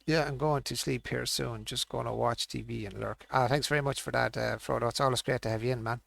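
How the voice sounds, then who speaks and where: A man's voice: medium pitch, steady tone, a little fast, creaky, fairly bright tone, dry recording. A man streaming a fishing game, thinking aloud and muttering to himself as he plays. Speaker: gaming streamer. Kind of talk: casual live-stream commentary.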